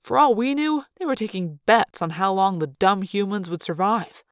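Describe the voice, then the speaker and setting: A woman reads a novel aloud in a slow, deliberate dramatic style. Her voice sits at a middle pitch and is recorded close and dry, with no room sound. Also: no echo. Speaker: narrator. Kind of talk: audiobook reading.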